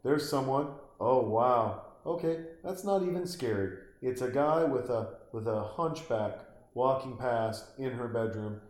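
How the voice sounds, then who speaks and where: A man's voice: medium pitch, measured pace, hardly any pauses, echoey room, slight background noise. Swearing man ranting over a movie. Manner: swearing, animated, mocking, acts out voices. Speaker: movie reaction commentator. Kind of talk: comedic movie commentary rant.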